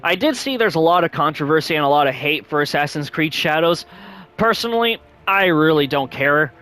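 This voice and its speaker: A man hosting a gaming channel, chatting casually and rambling, with many fillers and sudden jumps up in pitch. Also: expressive, fairly quick, sharp tone. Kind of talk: casual vlog chat.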